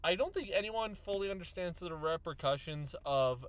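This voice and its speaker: A young man co-hosting a casual podcast, animated and laughing, acting out imagined voices. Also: high-pitched, normal speed, smooth. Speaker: podcast co-host. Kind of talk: casual chat.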